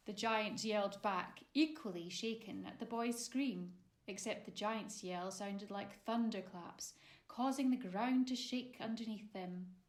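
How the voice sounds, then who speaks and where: A woman narrating her own children's story in an expressive, measured way. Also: mid-range voice. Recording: roomy echo.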